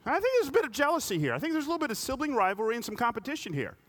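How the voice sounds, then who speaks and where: A man's voice: very high-pitched, huge pitch swings, very fast, fairly bright tone. A male pastor preaching a sermon, telling stories and asking the congregation pointed rhetorical questions.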